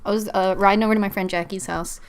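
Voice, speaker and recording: Young woman rambling thru a story, smooth clear voice, cussing n doing voices. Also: medium pitch, fairly even intonation, quick pace. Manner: chatty storyteller, swears, mimics voices. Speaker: podcast host. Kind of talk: casual chat.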